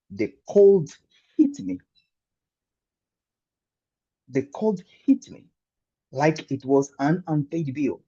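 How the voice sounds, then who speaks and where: A man in his thirties from Angola, giving a prepared humorous speech as an animated storyteller with dramatic pauses. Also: fairly high pitch, husky, muffled recording. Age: 30s. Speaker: club speaker.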